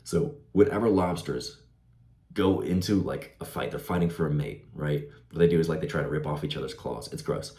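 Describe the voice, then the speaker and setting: Young male vlogger, low mellow voice, laid-back "bro" delivery, echoey room. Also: moderate pace. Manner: laid-back, says "bro" and "like", laughs easily. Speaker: self-improvement vlogger. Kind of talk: casual advice monologue. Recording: roomy echo.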